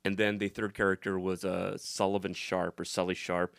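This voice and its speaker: A man hosting a comedy podcast, chatting casually and trading playful puns and quick jokes. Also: deep voice, little pitch movement, vocal fry, a bit bright, slight background noise. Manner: quick-witted, playful wordplay. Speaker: comedian host.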